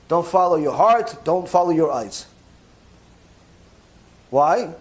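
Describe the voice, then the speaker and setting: A man, a rabbi, giving a lively sermon and acting out little scenes with mock dialogue. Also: a little high, slow, pauses often. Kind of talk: sermon lecture.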